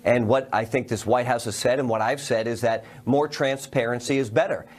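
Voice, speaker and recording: A man's voice: mid-range voice, steady tone, a little fast. A man in a news clip, firm and on-message about politics.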